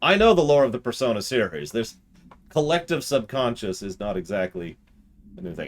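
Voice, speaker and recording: A man's voice: medium pitch, very animated, a little fast. A man streaming a video game live, reading in-game documents aloud between joking asides. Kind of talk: live gameplay commentary.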